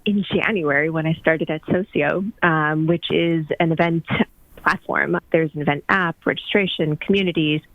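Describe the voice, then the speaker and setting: A woman's voice: fairly low pitch, no room sound. Upbeat woman guest, dull dry sound. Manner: chatty and upbeat, quick storytelling. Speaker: guest, marketing executive. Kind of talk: casual podcast conversation. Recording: muffled, dry remote audio.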